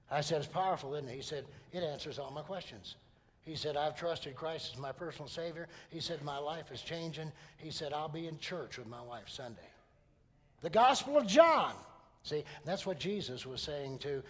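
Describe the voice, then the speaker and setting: Emphatic preacher in a reverberant hall. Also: male voice, a little high. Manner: storytelling preacher, emphatic rises on key phrases. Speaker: pastor. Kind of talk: sermon.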